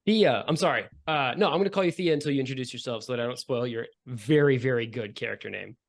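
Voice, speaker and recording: A man narrating a tabletop game at a middling pitch, loose and rambling, filling gaps with "like" and "um". He sounds casual and unscripted, as if talking with friends. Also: fast talker, vocal fry. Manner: loose, rambling with many fillers. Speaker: game master.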